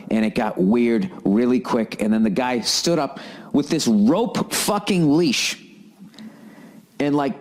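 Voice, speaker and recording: A male comedian rants through a story with constant swearing and animated delivery. His voice sits at an ordinary middle pitch for a man. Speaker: comedian and podcast host. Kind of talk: profane comedic rant.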